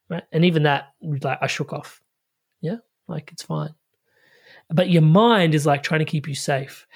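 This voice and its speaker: Animated man talking as a life coach. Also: fairly high pitch. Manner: energetic, storytelling, spiritual self-help phrasing; casual, slangy, frequent fillers. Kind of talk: animated podcast conversation.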